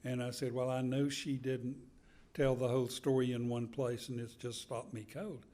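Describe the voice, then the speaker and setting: An older man, an author, talking slowly and telling stories with pauses at a live book event. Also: mid-range voice, flat delivery. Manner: unhurried, storytelling with pauses and soft chuckles. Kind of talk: conversational book talk. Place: event hall with an audience.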